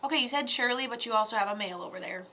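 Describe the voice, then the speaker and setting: A woman's voice: on the high side, rapid-fire, pushed and bright, a little hiss or hum. A woman giving psychic mediumship readings on a live stream, talking in a blunt, profane, pep-talk way.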